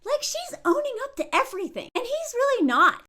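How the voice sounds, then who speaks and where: A woman in her thirties gives loose, chatty commentary on a reality show, speaking fairly quickly in a high voice that swoops a great deal. She's animated and drops into mocking impressions whenever she quotes someone.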